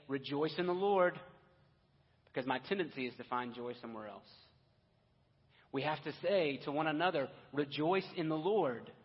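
A man's voice: medium pitch, breathy edge. Man preaching in an echoey hall. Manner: earnest preaching, asides and restarts. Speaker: pastor. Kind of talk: sermon. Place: church sanctuary. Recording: dull, echoey church hall audio.

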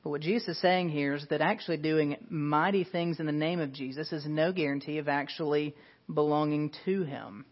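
A man preaching a sermon in an earnest, emphatic way, asking his listeners questions. His voice sits a little high for a man. The recording has a dull, lo-fi sound. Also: fairly even intonation, normal speed. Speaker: pastor.

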